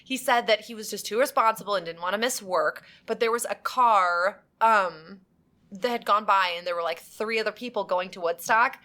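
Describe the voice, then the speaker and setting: A woman's voice: mid-range voice, normal speed, sharp tone. A young woman co-hosting a podcast, telling a family story in casual chat, acting out the people she quotes and laughing often. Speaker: podcast co-host.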